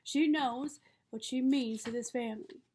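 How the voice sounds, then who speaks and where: A woman reading the part of a calm, wise middle-aged father, who speaks steadily and patiently. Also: sits high, unhurried, breathy edge. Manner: steady, patient, gently reasoning.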